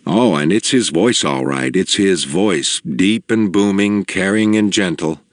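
A man narrating a personal story in the first person, slow, measured and reflective. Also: deep voice, no echo, studio quality.

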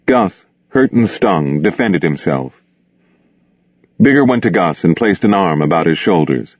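A man reads an audiobook in a very deep, low voice with a lively, expressive rise and fall. It is a dry, dull, lo-fi recording with no room sound. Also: measured pace, no room sound. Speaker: audiobook narrator. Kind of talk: scripted narration.

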